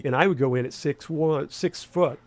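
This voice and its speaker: A man's voice: on the high side, normal speed. A man in his sixties from West Virginia, with a faint Appalachian accent, speaking as an interview guest. He rambles, restarting phrases and leaning on fillers. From Huntington, West Virginia. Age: 60s. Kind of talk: conversational interview.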